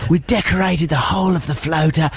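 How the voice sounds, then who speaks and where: A man's voice: a little high, fairly even intonation, fairly quick, husky, soft background music, voice pushed up. A man doing a jokey put-on Australian accent as a cheerful beach-loving bloke in an improvised radio comedy sketch. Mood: boisterous. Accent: mock Australian. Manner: loud, jokey, says "mate" often.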